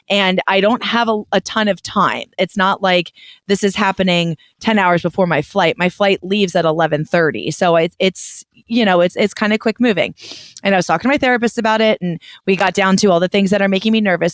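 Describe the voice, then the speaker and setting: A young adult woman chatting as a podcast co-host, rambling along with false starts and a touch of nerves. Her voice sits at a middle pitch. The sound is close and dry. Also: dry recording. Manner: chatty, nervous, rambling with restarts. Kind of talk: casual chat.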